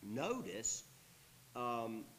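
A man's voice: medium pitch, very animated, very slow, a bit bright, slight background noise, rough recording. A man teaching through a Bible passage, reading verses aloud and then explaining them in an easygoing, conversational way.

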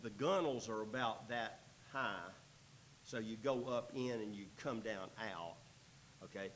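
A man's voice: lowish voice, unhurried, fairly bright tone, a little hiss or hum, poor audio. A man teaching a Bible passage verse by verse, reading the text aloud and breaking in with folksy, joking asides.

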